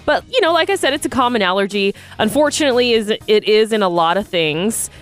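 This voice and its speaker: A woman's voice: mid-range voice, animated, fairly quick. A woman co-hosting a morning radio show, chatting casually and often laughing.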